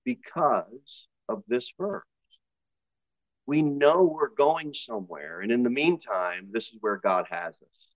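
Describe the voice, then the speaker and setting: Man, pastor, Northern US accent, chatty sermon, mid-pitched voice, muffled dry sound. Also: expressive, no echo. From northern United States. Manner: conversational preaching with asides and quick impressions.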